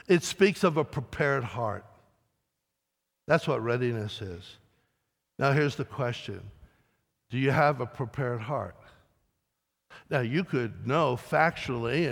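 A man's voice: medium pitch, creaky. Emphatic preacher man in echoing hall. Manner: emphatic preaching with dramatic rises and soft drops. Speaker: pastor. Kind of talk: sermon. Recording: long reverb of a large hall.

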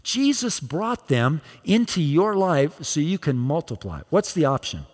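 A man's voice: a little high, very animated, unhurried, breathy edge, big-room sound. A male pastor preaching a sermon, emphatic, repeating phrases for emphasis.

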